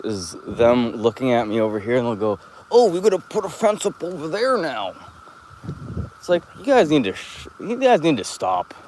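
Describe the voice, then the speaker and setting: A man's voice: medium pitch, darkish tone, slight background noise. Rambling, cursing man vlogging outdoors. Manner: profane, chatty storytelling. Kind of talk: casual rambling walk-and-talk. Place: outdoors, walking around an open lot.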